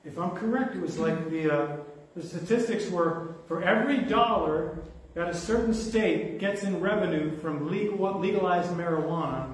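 A man preaching a sermon in an animated, conversational way, joking with his congregation. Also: high-pitched, moderate pace. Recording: echoey hall, mic from far off.

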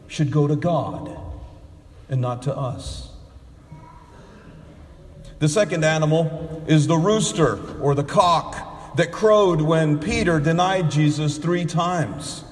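A man's voice: a little high, echoey room, long reverb tail. A man preaching a Sunday sermon, telling stories and jokes along the way. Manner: storytelling with jokes.

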